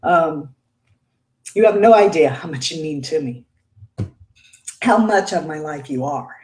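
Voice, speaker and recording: A woman's voice: sits low, animated, measured pace, darkish tone, echoey room. Chatty mature woman hosting a livestream. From Indiana, United States. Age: 50s. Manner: chatty and emotional, laughs often. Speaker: beauty livestream host. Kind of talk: casual livestream chat, reading viewer comments.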